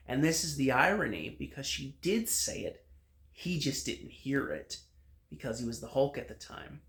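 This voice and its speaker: A man's voice: medium pitch, big pitch swings, moderate pace, fairly bright tone. A man giving a casual spoken review of a TV episode, retelling the plot with frequent fillers and restarts.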